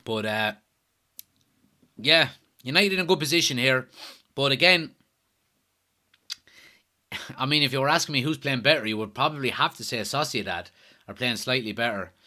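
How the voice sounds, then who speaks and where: A man's voice: mid-range voice, expressive, moderate pace, pauses often, bright, forceful tone. An Irish man hosting a live football watchalong stream, chatting casually, reading out viewer comments and answering them. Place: at home.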